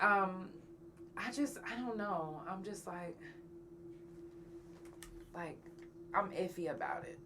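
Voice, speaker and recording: A woman's voice: on the low side, noisy background. A woman, a podcast host and singer, chatting casually and candidly with her live viewers, swearing freely.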